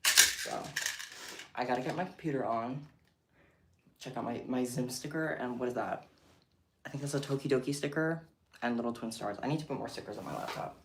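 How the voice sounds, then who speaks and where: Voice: mid-range voice, brisk, long pauses. Breathless chatty streamer in an echoey room. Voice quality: chatty, scattered and giggly. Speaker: livestream host. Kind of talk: casual live stream chat. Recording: roomy echo, distant mic, faint noise.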